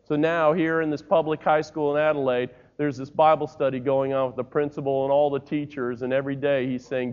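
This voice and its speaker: A man preaching a sermon, telling stories with lively voiced characters and rising to shouts. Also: medium pitch, fairly quick, hardly any pauses, clear, resonant tone. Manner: animated storytelling, voicing characters, rising to shouts. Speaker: pastor. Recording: dull lo-fi sermon recording.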